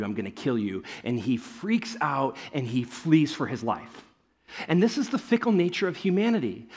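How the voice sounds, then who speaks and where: A man preaching in a loose, conversational way, with a voice a little higher than most men's. He tells the story with animated asides and talks straight to his listeners. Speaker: pastor. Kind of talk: sermon.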